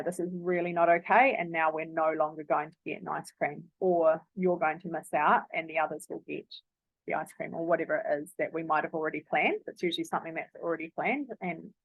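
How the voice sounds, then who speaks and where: A woman's voice: fairly low pitch, no echo. A woman giving parenting advice in a casual, earnest way, with frequent ums and likes. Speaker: parenting coach. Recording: dry, phone-like narrow sound.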